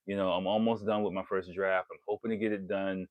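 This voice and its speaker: A man's voice: deep voice, flat delivery, a little fast, no echo, phone-quality sound. A man giving frank, rambling dating advice to camera, laughing and breaking off mid-thought. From lives in Japan. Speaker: vlogger on dating in Japan. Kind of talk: casual talk to camera.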